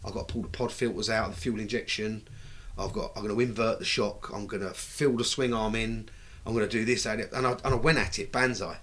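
A middle-aged British man telling stories in a casual chat, lively and swearing freely as he acts out what people said. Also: lowish voice, fairly quick. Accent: British English. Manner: animated, acts out quoted dialogue, swears freely. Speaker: bike builder, guest. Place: recording studio.

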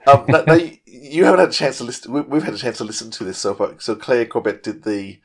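A man's voice: mid-range voice, animated, fast talker, slightly rough. A man hosting an interview podcast, asking questions with eager enthusiasm. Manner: enthusiastic, full of praise. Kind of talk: casual interview chat.

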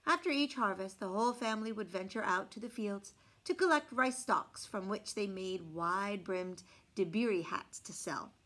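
A woman reading a folk tale aloud from a picture book, expressive, dropping to hushed asides about the illustrations. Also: mid-range voice, moderate pace. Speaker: storyteller.

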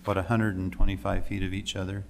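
Deep-voiced man cutting in with corrections. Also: level tone, quick pace, vocal fry, over a noisy crowd. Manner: corrective, cutting in with precise points. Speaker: council member. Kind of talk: council meeting discussion. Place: city council chamber.

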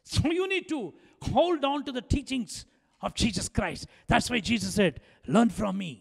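A man with a high, gravelly voice preaches to his congregation. He tells his story with frequent chuckles and plays both speakers in the dialogue. His words ring out with a long echo, as if in a large hall. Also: lively intonation, normal speed, darkish tone. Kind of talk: sermon.

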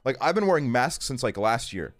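A man's voice: mid-range voice, very animated, a little fast, no room sound. A man streaming from his bedroom, chatting casually and ranting with constant swearing and fillers like "like". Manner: profane, ranting, lots of fillers.

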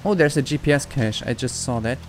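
A man's voice: mid-range voice, a little fast, music in the background. A man giving let's-play commentary, frustrated and swearing often. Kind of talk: gaming commentary.

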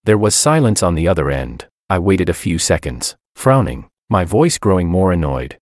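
A man narrates a first-person story in a wry, self-mocking tone. His voice is low and deep, yet the delivery swings through a wide, lively pitch range. The recording is close and dry, with no room sound. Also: normal speed, hardly any pauses, no room sound.

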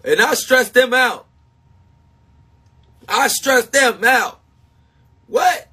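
A man's voice: very high voice, animated, drawn-out words, bright, forceful tone, husky. A man streaming live to his supporters in a casual, emphatic, confessional way. He repeats his points and laughs often between them. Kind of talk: casual livestream chat.

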